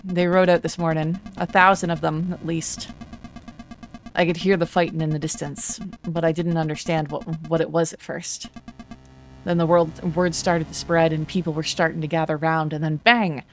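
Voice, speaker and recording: A woman voicing a gruff, skeptical older village man who speaks in a blunt, folksy way. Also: deep voice, level tone, moderate pace, faint music behind. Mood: grim. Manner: folksy, blunt dialect speech.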